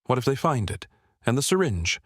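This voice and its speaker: A man reading the lines of a nervous middle-aged woman hiding a crime, hushed and anxious. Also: medium pitch, sing-song, moderate pace, no room sound, clean studio sound, pitched above the performer's own voice.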